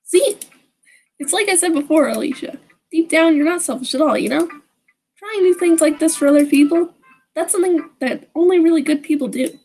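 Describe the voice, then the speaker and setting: A woman voicing a bubbly, clumsy teen girl who talks in a high, excitable way. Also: fairly quick. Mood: giddy.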